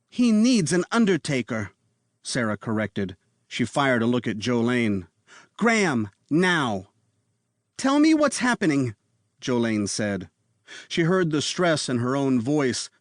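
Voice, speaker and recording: A man reading a thriller audiobook in a measured, tense narration. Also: mid-range voice, dry recording, clean studio sound. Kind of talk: scripted narration.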